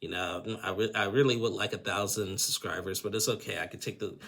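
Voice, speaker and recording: Gravelly-voiced man recapping TV casually. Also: on the low side, steady tone, a little fast, fairly bright tone. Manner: chatty, acts out the couple's lines in quoted voices. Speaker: YouTube recap host.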